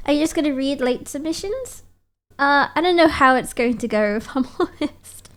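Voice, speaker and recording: A woman's voice: high voice, animated, moderate pace, a bit bright. A woman streamer chatting casually and playfully, reading out viewer messages and teasing back at a desk mic.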